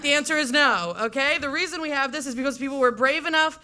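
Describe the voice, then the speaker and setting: A woman's voice: very high voice, brisk, a crowd in the background, background noise. A young woman comedian giving a brash, profane, sarcastic stand-up debate speech.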